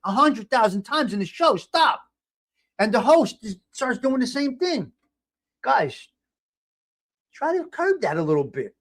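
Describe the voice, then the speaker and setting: A man's voice: sits high, big pitch swings, measured pace, long pauses. A man hosting a casual live stream, talking in a blunt, rambling way with frequent restarts. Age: 50s. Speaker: host.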